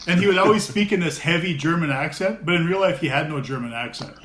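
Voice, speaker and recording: A man chatting casually with friends, an animated storyteller who laughs often. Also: fairly high pitch, quick pace. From America. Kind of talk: casual chat. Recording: echoey room with faint noise.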